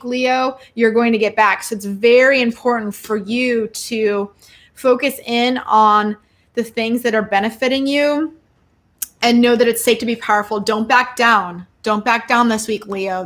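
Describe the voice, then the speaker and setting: A bubbly woman hosts a live tarot reading, talking straight to her viewers. Her voice sits a bit high, and she breaks into excited exclamations between casual, rambling asides. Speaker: astrology and tarot show host.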